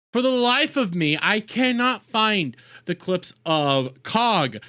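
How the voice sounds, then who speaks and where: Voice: medium pitch, pushed and bright. A streamer giving casual reaction commentary in crude, profane, mocking rants.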